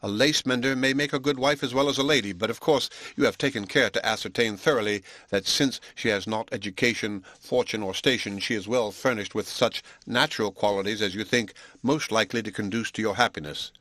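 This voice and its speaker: Audiobook: male reader as a gruff proud Englishman, brusque and scolding, lowish voice, dry sound. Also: brisk, hardly any pauses, fairly bright tone, no room sound, close to an everyday voice. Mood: blunt.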